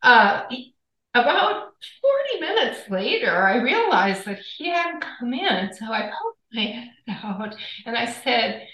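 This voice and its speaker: A woman's voice: on the high side, unhurried. A woman, a podcast guest and author, telling a story in conversation and acting out what others said. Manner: animated storyteller, acts out quoted dialogue. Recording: echoey room.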